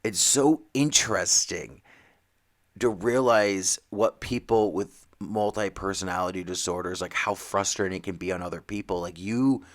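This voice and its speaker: A man co-hosting a comics podcast, talking in a rambling, animated way with many restarts and little acted-out quotes. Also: low voice, normal speed. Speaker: podcast co-host. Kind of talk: casual chat about comics and TV.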